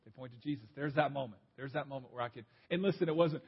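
A man's voice: medium pitch, quick pace, husky, highs cut off. A pastor preaching a sermon in a conversational, storytelling way, repeating his key points.

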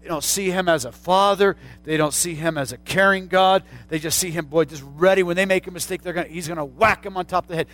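Man preaching, middle-aged, slightly high voice, calls out to the crowd, rises to shouts. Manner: calls out to the congregation, rising to shouts. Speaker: pastor. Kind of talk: sermon.

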